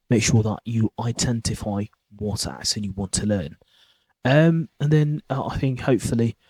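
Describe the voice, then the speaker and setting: Husky-voiced man giving a lesson. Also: mid-range voice, dry recording, rough recording. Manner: rambling, many fillers and restarts. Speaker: podcast host teaching pronunciation. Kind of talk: informal spoken lesson.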